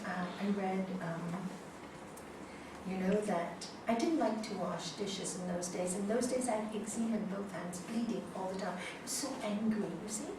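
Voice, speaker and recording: A woman yoga teacher giving a teaching talk to her students, an animated storyteller who acts out quoted dialogue. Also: medium pitch, moderate pace, noisy background. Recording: echoey room, mic at a distance.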